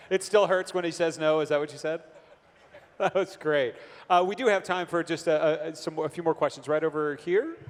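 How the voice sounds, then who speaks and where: A man's voice: on the high side, moderate pace. Upbeat male panel moderator, echoey hall. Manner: upbeat, prompting. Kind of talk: live panel hosting. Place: large convention hall with audience. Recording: echoey convention hall with crowd.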